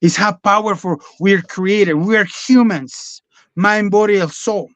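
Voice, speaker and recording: A man's voice: high-pitched, measured pace, dry recording, poor audio. A man guest telling his own story in a blunt, profane, rambling way. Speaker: podcast guest. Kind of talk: candid personal storytelling.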